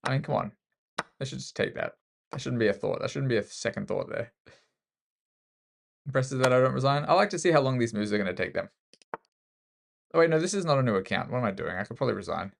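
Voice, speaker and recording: Gravelly Australian chess streamer. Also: male voice, mid-range voice, lively intonation, fast, long pauses. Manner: self-mocking, joking banter with the opponent. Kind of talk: casual live commentary while playing chess.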